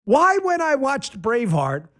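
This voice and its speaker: A man's voice: extremely high pitch, huge pitch swings, unhurried, fairly bright tone. A man hosting a political commentary show, talking in a sarcastic, riffing monologue. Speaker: host.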